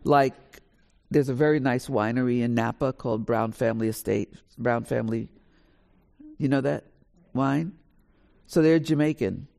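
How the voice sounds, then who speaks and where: On stage before a live audience, a woman who is an author and panel guest tells an anecdote, her voice leaping up and down as she acts out each exchange. A natural storyteller, she is lively, forceful and always in control of the tale. She speaks at a normal speed with vocal fry and long pauses.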